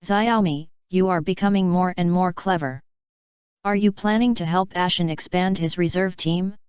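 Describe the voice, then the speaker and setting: Woman reader as a bold young actress who teases her friends, low-ish voice, muffled lo-fi sound. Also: steady tone, normal speed, darkish tone, clear, resonant tone, no room sound, lightly acted. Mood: teasing. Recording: slightly dull lo-fi recording.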